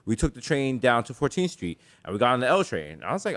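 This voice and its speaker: New york man, podcast co-host, lively swooping pitch, animated comic storytelling. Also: fast. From the Bronx, New York. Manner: animated, swings into put-on voices for bits. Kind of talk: casual comedic storytelling.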